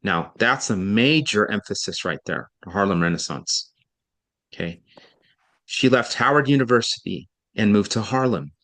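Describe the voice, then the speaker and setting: A man working as a reading tutor, reading a passage aloud and coaching, deliberately stressing key words and slowing down to make a point. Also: on the low side, animated, fairly bright tone.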